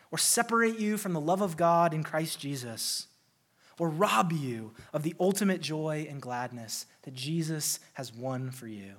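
A man preaching a sermon in an earnest way, slowing down and building intensity through lists. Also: a little high, expressive, fairly bright tone. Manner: earnest, slows and stresses key phrases. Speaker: pastor.

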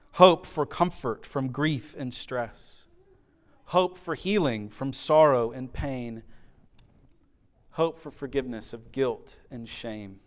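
A man preaching a sermon, swinging from loud declarations down to hushed, soft emphasis, with rhythmic repeated phrases. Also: mid-range voice. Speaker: pastor.

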